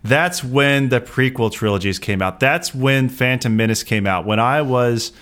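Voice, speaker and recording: A man's voice: mid-range voice, moderate pace, a bit bright. A man in his thirties with an American accent co-hosting a casual movie podcast, teasing with dry jokes and ranting with energy. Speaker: podcast co-host. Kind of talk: casual movie review chat.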